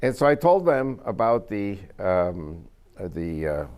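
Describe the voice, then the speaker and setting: A man's voice: low voice, sing-song, measured pace, darkish tone, clean tone. Emphatic man lecturing an audience. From United States. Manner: emphatic, quizzes the audience with questions. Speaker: speaker to an audience. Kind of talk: lecture-style storytelling.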